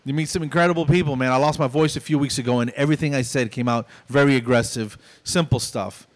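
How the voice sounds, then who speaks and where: A man's voice: medium pitch, fairly even intonation, fast. A middle-aged man performing a stand-up comedy set on stage in a conversational, self-deprecating way. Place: stage at a small venue.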